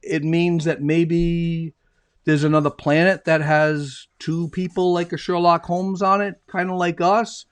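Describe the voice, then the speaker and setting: A man voicing Doctor Watson in a told joke, speaking slowly and softly as a puzzled sidekick. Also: fairly high pitch, level tone, clear, resonant tone, lightly acted. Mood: musing.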